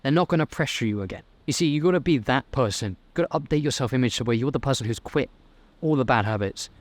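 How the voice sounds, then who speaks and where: A man's voice: medium pitch, fast, no echo. A young man, giving a blunt, swearing motivational talk to camera as a self-improvement vlogger. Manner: blunt, profane, fired-up.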